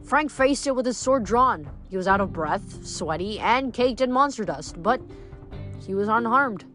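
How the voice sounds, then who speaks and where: A woman reading a novel aloud, telling the story in a steady way with dramatic emphasis. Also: a little high, unhurried, soft background music. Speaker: reader.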